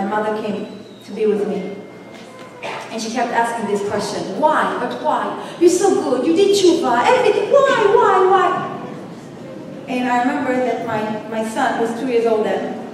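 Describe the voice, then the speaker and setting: High-voiced woman speaking in an echoey hall. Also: far from the mic, noisy background. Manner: emotional, storytelling, swings from hushed to loud. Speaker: speaker at a women's event. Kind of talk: inspirational talk to women. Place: large hall.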